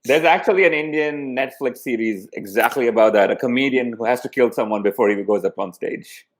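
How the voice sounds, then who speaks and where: A man's voice: mid-range voice, fairly quick. A man co-hosting a casual podcast interview, giving short, supportive agreeing replies. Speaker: podcast co-host.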